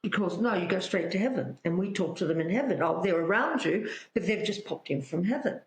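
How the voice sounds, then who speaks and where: A woman's voice: on the low side, a little fast, roomy sound, low-quality recording. A woman, a psychic guest telling stories animatedly in conversation. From Australia. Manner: animated, tells stories with spoken-out dialogue. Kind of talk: anecdotal storytelling in conversation.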